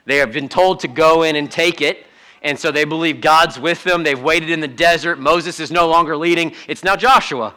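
A man preaching a sermon in a conversational, animated way, acting out quotes and asides to the congregation. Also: on the high side, moderate pace. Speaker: pastor.

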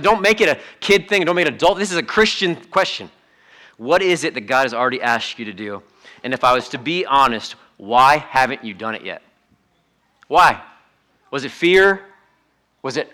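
A man preaching a sermon in a conversational, animated way, acting out quotes and asides to the congregation. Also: a little high, moderate pace. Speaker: pastor.

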